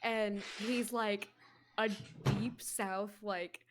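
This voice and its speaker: A woman's voice: mid-range voice, fairly even intonation, drawn-out words, a little hiss or hum. An American woman chatting casually on a game stream, rambling with lots of fillers and restarts. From United States. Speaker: co-streamer guest.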